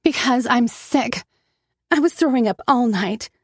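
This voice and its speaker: A woman's voice: fairly high pitch, animated, a little slow, breathy edge, no room sound, clean studio sound, pitched above the performer's own voice. A woman voicing a desperate addicted sister who pleads, then turns bitter, in an audiobook. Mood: pleading. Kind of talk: audiobook narration.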